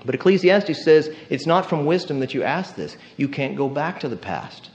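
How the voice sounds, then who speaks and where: A man preaching a sermon with animated delivery, acting out quoted voices and dropping from loud lines to hushed ones. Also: a little high, moderate pace, soft background music. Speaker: pastor.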